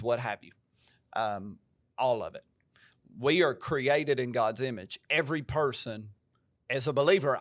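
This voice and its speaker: A man's voice: mid-range voice, a bit bright, no echo, clean studio sound. A male pastor with an American country twang, talking earnestly and emphatically on a podcast in a preacher-like way. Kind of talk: podcast conversation.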